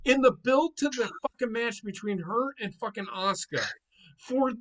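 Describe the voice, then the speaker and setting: A man hosting a casual chat over a call, ranting with constant swearing, swinging from muttering to yelling. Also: very high voice, normal speed, rough recording. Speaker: host. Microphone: headset or desk mic on a call.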